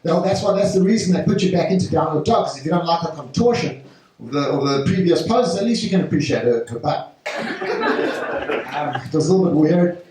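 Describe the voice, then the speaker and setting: A man doing a stand-up set on a club stage, talking haltingly with lots of fillers. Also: on the high side, animated, mellow. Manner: halting delivery with many fillers. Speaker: stand-up comedian. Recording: echoey club from a distant mic.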